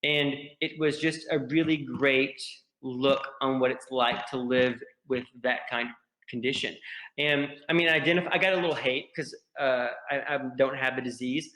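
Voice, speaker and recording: A man's voice: medium pitch, steady tone, moderate pace, pushed and bright. A man with a Southern US accent answering fan questions on a virtual panel, candid and joking, rambling with many restarts. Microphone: computer mic on a video call. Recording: roomy, echoey room sound.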